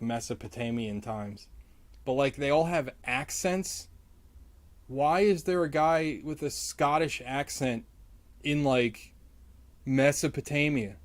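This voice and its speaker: A man vlogging while he draws, ranting casually about a movie in a rambling, profane way, his voice jumping up in pitch when he gets exasperated. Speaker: artist vlogger. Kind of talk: casual rant while drawing.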